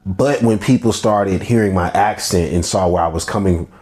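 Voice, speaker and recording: Male podcast host, Texan country accent, very low voice, blunt and candid, unscripted. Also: moderate pace, a little mellow. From Texas, USA. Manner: candid and blunt, loose and conversational. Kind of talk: solo podcast monologue.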